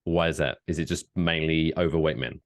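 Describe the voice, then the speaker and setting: A man co-hosting a podcast in a casual, jokey chat, playful and quick to slip into silly voices. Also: rumbling low, fairly even intonation. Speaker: podcast co-host.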